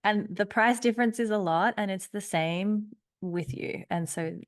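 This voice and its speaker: A woman's voice: mid-range voice, measured pace. A woman in her thirties with an Australian accent, a podcast guest speaking in an upbeat, emphatic conversational way. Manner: upbeat, emphatic, laughs easily. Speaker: podcast guest, business strategist. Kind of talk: conversational interview.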